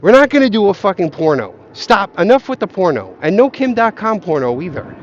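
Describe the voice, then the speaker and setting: A high, sing-song male voice speaks briskly over dull audio with a bit of hiss or hum. He's a vlogger walking a path outdoors, cursing, joking, and ranting aimlessly to his viewers.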